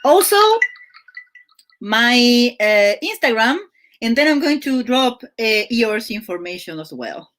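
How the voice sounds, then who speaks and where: A woman's voice: a little high, sing-song, takes it slowly, a bit bright. A woman hosting a livestream in casual chat, giggling often and restarting her sentences, speaking English as a second language. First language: not English. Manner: chatty, giggly, many fillers and restarts. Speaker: livestream host. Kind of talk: casual live-stream chat.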